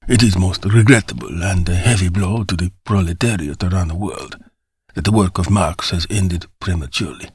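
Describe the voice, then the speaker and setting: Man doing an elderly German theorist, husky and measured. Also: low voice, no room sound, studio quality, full character voice. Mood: sober. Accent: German, put on.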